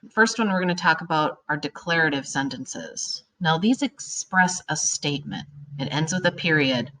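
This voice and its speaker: An upbeat woman teacher takes young students through a grammar lesson. Her voice sits a little low. She is animated and drags out her example sentences to make them stick. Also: moderate pace.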